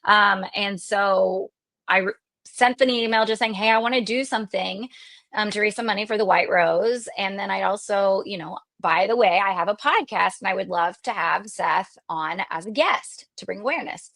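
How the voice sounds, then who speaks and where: A chatty woman from Texas tells a story as a podcast guest, bouncing between her own voice and the people she quotes. She is outgoing and lively, with plenty of "um" and "like" along the way. Her voice is mid-pitched, recorded dry and close. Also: moderate pace, no echo. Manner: animated, lively retelling with quoted dialogue and frequent fillers; extroverted and talkative. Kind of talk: casual storytelling interview.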